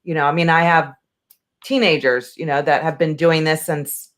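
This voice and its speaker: Chatty woman in her forties, low voice. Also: steady tone, normal speed. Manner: chatty and rambling, many fillers. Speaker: co-host, real estate agent. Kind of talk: casual business chat.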